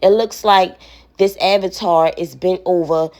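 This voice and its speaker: A woman in her thirties talks to the camera as a worried mother, blunt and indignant, with an occasional curse. Her voice sits low and her pace is unhurried. The sound is dry and close, with almost no room around it. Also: fairly even intonation, darkish tone, no room sound. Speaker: parent vlogger. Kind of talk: casual vlog, showing a phone.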